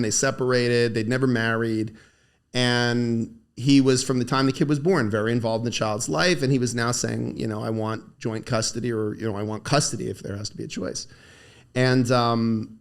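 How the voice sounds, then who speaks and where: A young adult man, a lawyer, co-hosting a casual podcast conversation and telling stories from his practice with acted-out quotes. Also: mid-range voice. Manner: animated storyteller, acts out quoted speech. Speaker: co-host, lawyer.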